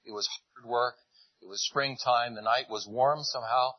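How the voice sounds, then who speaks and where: A man's voice: medium pitch, normal speed, no echo, muffled recording. A man preaching a sermon, retelling a Bible story in a conversational, storytelling way. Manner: conversational storytelling, retelling scenes in lively voices.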